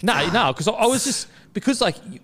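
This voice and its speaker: A man's voice: sits high, very animated, fairly quick, a bit bright, breathy edge. A man, host of a casual chat, telling a long story with lots of swearing and acted-out quotes. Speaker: podcast host.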